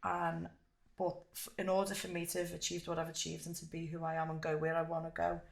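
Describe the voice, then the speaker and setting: Gravelly, lively young woman. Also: lowish voice, fast. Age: young adult. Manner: animated storyteller, swears freely. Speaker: guest fighter. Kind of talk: casual interview chat. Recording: echoey room.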